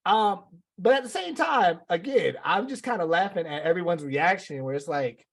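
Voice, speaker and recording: Man with a slightly high voice, rambling. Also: expressive, normal speed, vocal fry. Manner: rambling, self-correcting, chuckling. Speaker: podcast co-host. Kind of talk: casual podcast banter.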